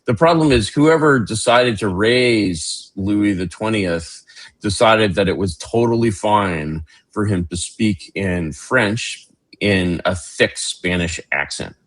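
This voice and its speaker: A man's voice: lowish voice, takes it slowly. A man talking in a casual political conversation, rambling and sardonic with many fillers.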